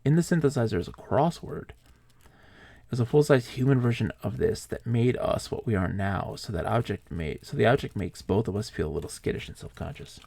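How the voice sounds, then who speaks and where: A male streamer playing a text adventure live, reading the game text aloud and telling rambling, animated stories with lots of fillers. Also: on the low side, normal speed, vocal fry, dry recording.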